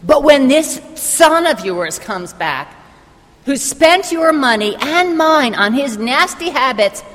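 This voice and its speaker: A woman's voice: high-pitched, sing-song, takes it slowly, fairly bright tone, long reverb tail, voice pushed up, exaggerated voice. A woman preacher voicing a resentful older brother who complains indignantly. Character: resentful grown older brother, bitter and aggrieved.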